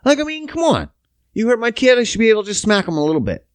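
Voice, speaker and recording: A man in his thirties from Canada telling a story on his podcast, swearing often and swinging between loud outbursts and low mutters. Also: huge pitch swings, fast talker, clean tone, no echo. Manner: profane, emphatic, big pitch swings. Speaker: podcast host. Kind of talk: casual storytelling monologue.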